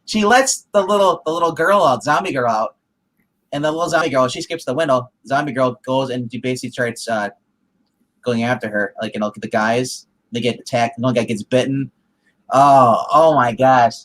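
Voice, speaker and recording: A man's voice: medium pitch, normal speed, fairly bright tone, rough recording. A man co-hosting a comic review in casual chat, retelling the story with many restarts and fillers.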